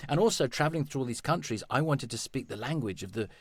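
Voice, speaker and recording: A middle-aged English actor, a podcast guest, telling stories in a casual, animated way. He repeats words and laughs as he goes. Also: medium pitch, fast talker, no room sound. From England. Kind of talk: casual conversational storytelling.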